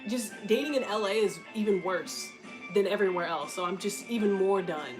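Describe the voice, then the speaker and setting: A woman's voice: mid-range voice, brisk, over music, low-quality recording. A woman in her twenties chatting casually and candidly, blunt and profane, laughing often. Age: 20s. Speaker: content creator answering questions.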